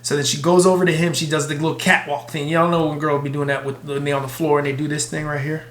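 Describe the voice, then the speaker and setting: Man, casual storytime, animated, profane, high voice, echoey room. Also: quick pace. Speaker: vlogger.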